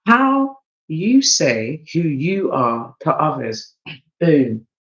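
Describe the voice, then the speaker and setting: A man's voice: a little high, wildly swooping pitch, drawn-out words, a bit bright. Slangy English man, dull lo-fi sound. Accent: English, London slang. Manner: loose, slangy, swings between hype and mumbling. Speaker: oracle card reader. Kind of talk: casual tarot-style card reading.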